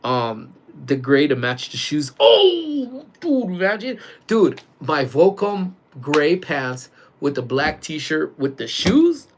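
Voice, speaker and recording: A man hosting a casual morning livestream, talking loudly with lots of laughing and joking. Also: a little high, big pitch swings, takes it slowly, a little hiss or hum. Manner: loud, laughing, joking banter. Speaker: livestream host.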